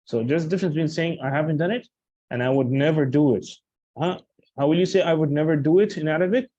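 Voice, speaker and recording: A man's voice: fairly high pitch, fast, warm tone, no room sound, dull audio. A man teaching Arabic grammar in a lecture, explaining patiently and restating each point with examples.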